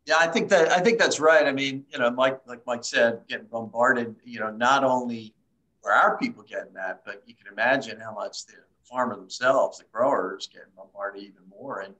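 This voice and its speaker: A man with a bright, forceful voice answering questions on a panel as a company boss. he talks hesitantly, restarting phrases and leaning on "you know" while he works out his point. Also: mid-range voice, moderate pace, poor audio. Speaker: company chief executive.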